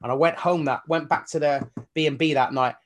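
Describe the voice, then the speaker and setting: A man, a fitness coach telling his story as a guest in a casual interview, animated and swearing casually as he acts out his own inner voices. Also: fairly high pitch, fairly quick.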